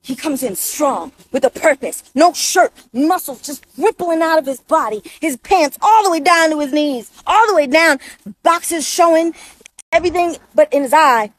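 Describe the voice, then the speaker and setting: A woman with a very high, bright-pitched voice tells a comic story. She exclaims and acts out each moment in an animated storytime manner. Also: moderate pace.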